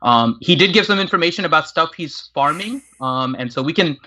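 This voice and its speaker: Steady male explainer, a bit high and bright. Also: a little fast, low-quality recording. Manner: explanatory, methodical. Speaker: co-host. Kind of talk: casual livestream chat.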